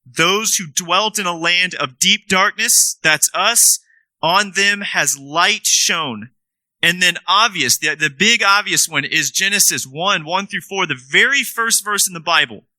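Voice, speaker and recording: A man preaching a sermon in a high, forceful, bright voice. He is emphatic and slows right down to drive key words home. The sound is dry and close to the mic. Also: dry recording, low-quality recording.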